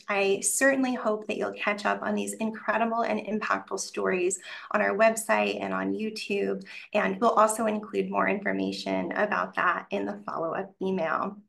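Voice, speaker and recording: A woman's voice: medium pitch, gravelly, a bit bright. A woman hosting a webcast, reading polished, prepared announcements over a video call. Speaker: event host from the organization.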